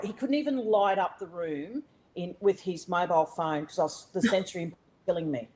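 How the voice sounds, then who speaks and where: Middle-aged Australian woman guest, low-pitched, animated and profane, rambling conversational telling. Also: a little fast, poor audio. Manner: animated, profane, frequent restarts and fillers. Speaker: podcast guest. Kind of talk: casual conversational storytelling.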